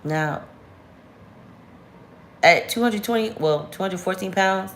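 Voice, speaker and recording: A woman's voice: medium pitch, slow. Candid woman venting in an echoey room. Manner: candid, animated, slangy, rising sharply when venting. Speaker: vlogger. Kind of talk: casual storytime chat to camera.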